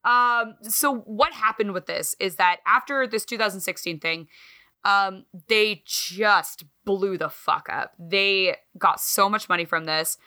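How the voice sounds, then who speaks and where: A woman co-hosting a podcast in casual chat, talking in an animated, swearing, self-mocking way. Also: mid-range voice, unhurried. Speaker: podcast co-host.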